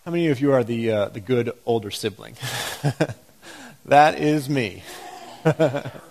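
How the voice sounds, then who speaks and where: A man delivering a sermon, pausing to ask his listeners pointed, reflective questions. His voice sits at a medium pitch, and he reads the scripture passages with drama. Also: lively intonation, gravelly, a little mellow. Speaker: preacher.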